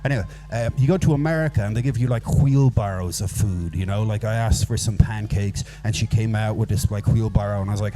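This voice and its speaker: An Irishman with an Irish accent performs a rambling, self-deprecating stand-up set into a handheld mic before a live comedy audience. His voice is mellow and mid-pitched, and he talks briskly with few pauses, putting on silly voices whenever he quotes people.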